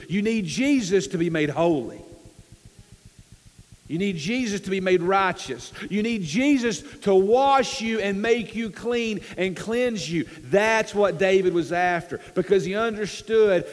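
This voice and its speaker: A man preaching a sermon as pastor, earnest and repetitive, often acting out quotes to make his point. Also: high-pitched. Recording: long hall reverb.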